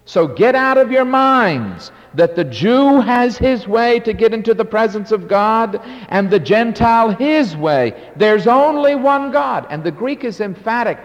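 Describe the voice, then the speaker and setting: A man's voice: sits high, expressive, a little slow, muffled recording. An older man preaching a sermon as pastor, emphatic and drawn out, with sudden swells and drops in his delivery. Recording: long hall reverb.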